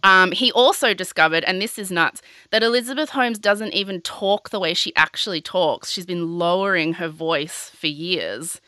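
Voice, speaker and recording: A woman's voice: lowish voice, moderate pace, few pauses, pushed and bright, smooth, no room sound. A young woman hosting a podcast, telling a story in casual, sweary chat full of "like". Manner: chatty, sweary, heavy on filler "like". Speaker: podcast host.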